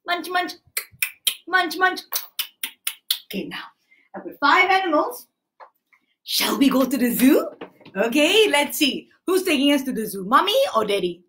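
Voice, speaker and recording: A children's class teacher, a young woman from Malaysia, runs a live-streamed lesson for little ones in an exclamatory, sing-song manner. She has a high, very animated voice at a moderate pace, and background noise comes through the phone or camera mic.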